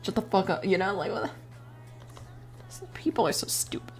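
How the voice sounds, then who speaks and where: Young woman streamer, casual profane rambler, animated pitch, faint music behind. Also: moderate pace. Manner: rambling, profane, laughing often. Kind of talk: casual chat while drawing.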